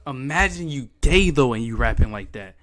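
A man's voice: medium pitch, lively intonation, moderate pace, loud music behind the voice. A man in his twenties hosting a video chat prank, teasing strangers with profane, joking banter. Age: 20s. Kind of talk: casual chat.

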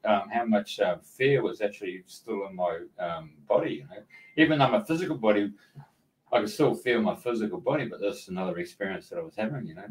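A man with an Australian accent, a radio host telling a dream story in casual chat, animated and laughing as he talks. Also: lowish voice, fairly quick, recorded from a distance, poor audio.

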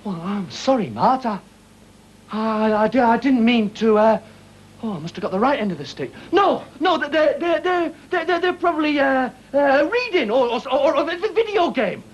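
A man's voice: very high-pitched, sing-song, normal speed, highs cut off, a little hiss or hum. An actor playing a nervous, apologetic young man who stammers and trips over his words in a sitcom. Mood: flustered. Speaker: sitcom character. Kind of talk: 1980s TV sitcom acting.

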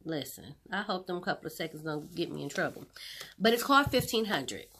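A woman chatting casually as she retells a short film's plot for her viewers, talking straight to them in a lively, animated way. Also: lowish voice, brisk, slight background noise. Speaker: commentary host. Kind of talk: casual movie recap commentary.

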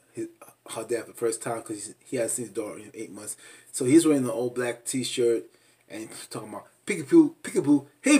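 A man recapping a reality show in a casual vlog, animated and laughing, mimicking people with high squeals. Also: recorded from a distance. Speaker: reality TV reviewer.

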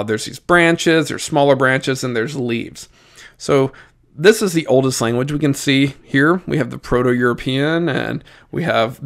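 A male teacher with a Southern US accent giving a lively, joking exam review lesson and talking straight to his students. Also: medium pitch.

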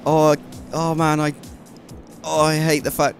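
A young man commentating his driving game, muttering to himself and then yelling and shrieking loudly at near misses. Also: a little high, completely flat delivery, a little slow, creaky, soft background music. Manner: swings from quiet muttering to shrieking yells. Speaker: gaming YouTuber. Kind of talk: excitable gameplay commentary.

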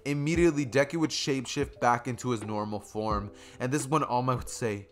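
A man's voice: mid-range voice, fairly quick. A young man narrating a fan story in a casual, rambling storytelling style with repetitive phrasing. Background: faint music.

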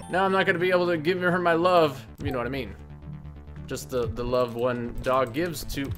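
A man hosting a let's play, joking and breaking into loud excited outbursts as he plays. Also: medium pitch, brisk, faint music behind. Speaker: gaming video host.

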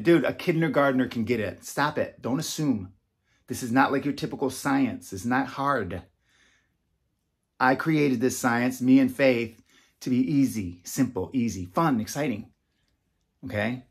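A husky-voiced man talking to an imagined class of young children. He goes slow, repeats definitions, and coaxes the listeners along with little checks like "right?" and "okay?". His pitch sits in an ordinary middle range. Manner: slow, repetitive, coaxing, talks to children as a class. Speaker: self-styled educator and founder. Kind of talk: slow teacher talk aimed at kindergartners.

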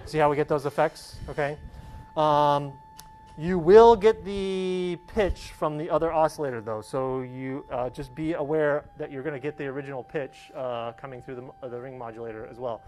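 A man's voice: on the high side, moderate pace, a little mellow, slight background noise, poor audio. A male professor giving a casual, hands-on classroom demonstration and checking in with his students with a frequent "okay?". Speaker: college professor.

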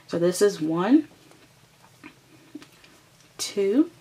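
A woman's voice: medium pitch, sing-song, very slow, mellow. A woman hosting a crochet tutorial, patiently explaining each step and counting stitches aloud as she works.

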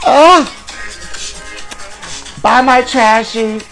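A man's voice: very high voice, extremely slow, vocal fry, fairly bright tone, soft background music, heavily acted. A man playing a flamboyant, self-adoring male gossip show host, rambling dramatically with sighs and groans in a campy comedic monologue. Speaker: parody talk-show host.

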